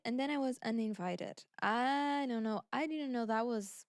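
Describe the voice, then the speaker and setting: A woman's voice: fairly high pitch, a little mellow, no room sound, clean studio sound. Chatty young woman co-host, laughing often. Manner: chatty, laughing, quick back-and-forth. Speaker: podcast co-host. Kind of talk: casual chat.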